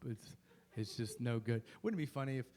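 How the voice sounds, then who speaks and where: A man's voice: medium pitch, expressive, fairly quick. A male stand-up comedian on a comedy club stage, rambling, swearing and breaking off mid-thought. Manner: rambling, profane, self-interrupting.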